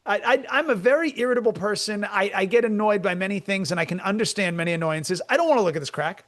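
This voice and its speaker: A man co-hosting as a comedian, talking in a rambling, joking, animated way in casual chat. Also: high-pitched, fast talker. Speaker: comedian co-host.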